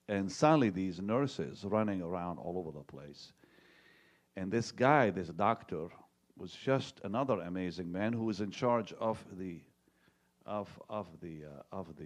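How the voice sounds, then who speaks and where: Man preaching in a low voice. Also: lively intonation, a little slow. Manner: conversational storytelling, swings from loud jokes to hushed tones. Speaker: pastor. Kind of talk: sermon.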